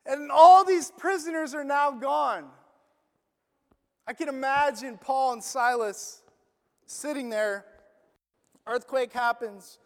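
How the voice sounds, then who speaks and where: Man, preacher, sermon, animated casual storytelling, very high voice, long hall reverb. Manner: animated conversational storytelling with "like" fillers.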